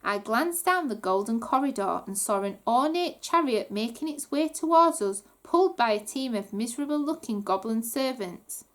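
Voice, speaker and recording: A woman reading a children's book aloud with animated storytelling. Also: on the high side, moderate pace, few pauses. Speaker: reader.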